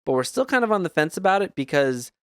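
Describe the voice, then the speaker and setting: A man's voice: on the high side, very animated, fast talker, fairly bright tone, clear, resonant tone, no echo, studio quality. A man hosting a podcast, thinking aloud in a casual chat. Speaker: podcast host.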